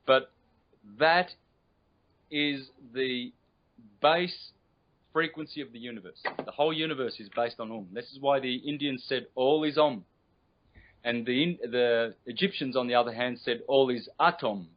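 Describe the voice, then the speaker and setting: A man explains things patiently as a guest teacher, stretching out sounds to demonstrate them. His voice sits at a middling pitch. It comes through a dull, lo-fi internet call line. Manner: patient and instructive, drawn-out demonstrated vowel sounds. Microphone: video call.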